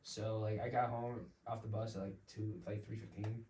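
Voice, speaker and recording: A man's voice: on the low side, flat delivery, moderate pace, mellow. A young man, a podcast guest and DJ, telling a story in casual chat, rambling with lots of "like" and acting out the voices of others. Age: young adult. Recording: echoey room, mic at a distance, faint hiss.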